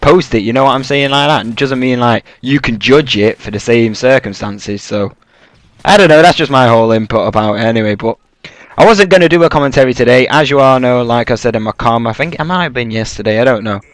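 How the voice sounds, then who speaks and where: A man's voice: medium pitch, fairly quick, no room sound. A young man giving casual, rambling gameplay commentary, swearing freely and leaning on fillers. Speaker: gaming YouTuber.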